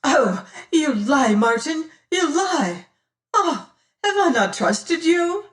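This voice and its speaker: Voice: medium pitch, slow, darkish tone, reverberant, pitched above the performer's own voice, natural voice. A reader voicing a proud young woman pleading through tears in an audiobook. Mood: anguished. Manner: pleading, breaking into sobs and whispers. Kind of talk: audiobook character reading.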